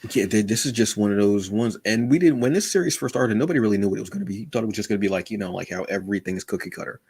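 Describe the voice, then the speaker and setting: Husky-voiced man, casual podcast chat. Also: on the low side, rapid-fire, no echo. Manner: animated, acts out quoted lines, self-deprecating asides. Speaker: podcast co-host.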